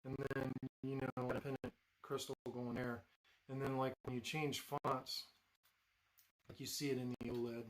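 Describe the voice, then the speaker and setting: Speaking in a mid-range voice that barely moves in pitch, this man keeps a normal speed over slight background noise and poor audio. Hosting a live stream, he chats loosely, stumbling through fillers and restarts as he demonstrates his builds.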